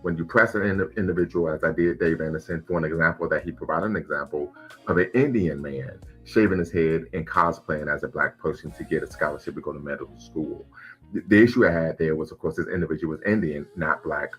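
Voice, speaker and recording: A man in a played debate clip, laying out his argument in a measured, explanatory way. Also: extremely low pitch, a bit bright, breathy edge, soft background music.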